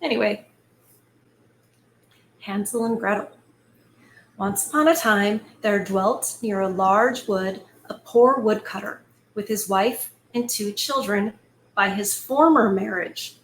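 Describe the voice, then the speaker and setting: A woman reading a fairy tale aloud and breaking off into chatty, excitable asides. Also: mid-range voice, slow, long pauses, a little hiss or hum. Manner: excitable, chatty, animated commentary. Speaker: storyteller host. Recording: echoey room, faint ambience.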